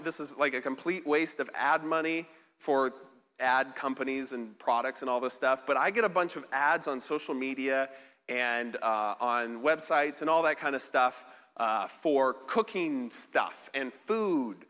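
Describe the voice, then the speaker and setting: A man's voice: on the high side, normal speed, bright, forceful tone. Chatty man preaching in a reverberant hall. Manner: chatty, self-deprecating, many fillers and restarts. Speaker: pastor. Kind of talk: casual sermon. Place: large church hall. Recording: live sermon in a reverberant hall.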